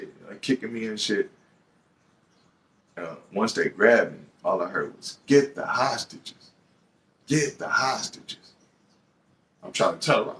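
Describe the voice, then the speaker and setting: A man with a Detroit accent tells a story from his own life in loose, profane street talk and jumps into loud acted-out bits. His voice sits low and heavy. He sounds a little far from the mic. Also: creaky. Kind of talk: casual storytelling.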